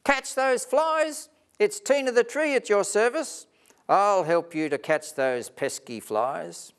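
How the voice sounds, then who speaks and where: An eager, ever-helpful tree lady from a storybook, as a man puts her on bursts out in high, excited cries. Her voice leaps up far above a normal man's and swings widely. She talks in slow, delighted stretches. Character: eager cheerful female tree, always helping.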